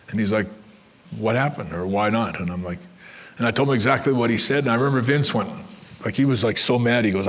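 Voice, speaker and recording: A man's voice: fairly low pitch, quick pace, a little hiss or hum. An older man telling blunt, rambling stories to a live crowd of fans, with restarts and asides. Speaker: guest wrestler telling stories. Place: event room with a live crowd.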